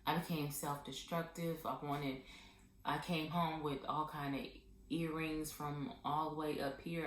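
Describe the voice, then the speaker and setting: A woman vlogger telling a candid personal testimony in a heartfelt, halting way with many pauses and fillers. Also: low-pitched, reverberant, a little hiss or hum, poor audio.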